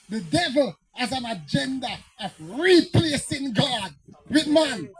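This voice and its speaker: A man's voice: very high voice, a bit bright, breathy edge, low-quality recording. Fiery Jamaican preacher man. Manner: storytelling, rising to fiery emphatic preaching. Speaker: pastor. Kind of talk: preaching Bible teaching.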